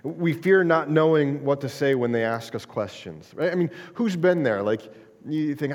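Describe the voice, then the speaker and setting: A man's voice: medium pitch, moderate pace, big-room sound. A male pastor preaching a sermon in a conversational style, stumbling over restarts and often checking in with "right?".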